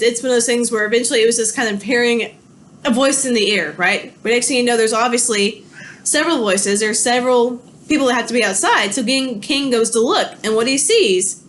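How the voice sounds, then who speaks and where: A woman gives a history lecture online from a home with pets, telling it in a loose, chatty manner and correcting herself as she talks. Her voice runs a bit high with a fairly bright tone, and there's slight background noise.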